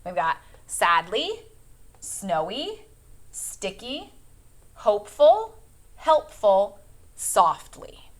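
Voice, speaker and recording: A woman teaching a phonics lesson in an even middle voice. She gives step-by-step directions patiently, sounding out each word and checking in with the class before moving on. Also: mid-range voice, very slow, pauses often. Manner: clear, patient classroom instructions with lots of okays.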